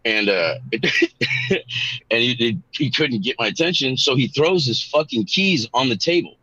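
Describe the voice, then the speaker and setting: A man on a panel, chatting casually, blunt and swearing freely as he tells animated stories. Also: medium pitch, normal speed, dry recording. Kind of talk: casual chat. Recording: dull lo-fi mic.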